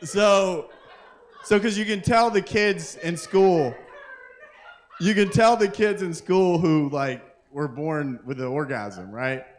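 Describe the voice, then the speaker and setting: A man's voice: high voice, slow pace. A man hosting a live open mic, doing rambling, self-interrupting crude stand-up to the crowd at a kava bar. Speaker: comedian and open mic host.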